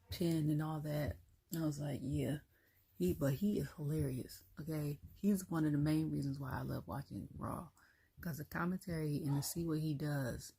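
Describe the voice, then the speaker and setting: A low, gravelly woman talks through a wrestling show in a loose, chatty rant. Her voice is husky and rough, and she slips into quoted voices and breaks into laughter as she goes. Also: dark tone. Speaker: wrestling review vlogger. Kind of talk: casual solo rant.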